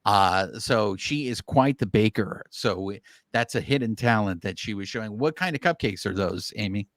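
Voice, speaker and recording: A man co-hosting a podcast, explaining things at length in casual, animated chat with filler words. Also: on the low side, normal speed, no echo, studio quality. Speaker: podcast co-host.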